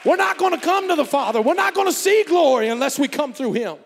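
A man preaching a fervent sermon, shouting and calling out to the congregation, in an echoey hall with a faint congregation behind. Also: very high-pitched, animated, quick pace, creaky, some chatter behind. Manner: fervent, shouting, call and response.

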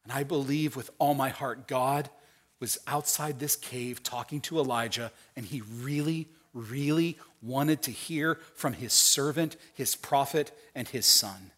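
A middle-aged man preaching a sermon, acting out quoted voices and swinging between hushed, tender lines and loud, emphatic ones. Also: medium pitch, unhurried. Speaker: pastor.

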